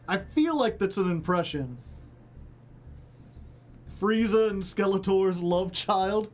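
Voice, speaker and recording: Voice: medium pitch, lively intonation, takes it slowly. A streamer giving casual, rambling commentary on a card game, joking and laughing often.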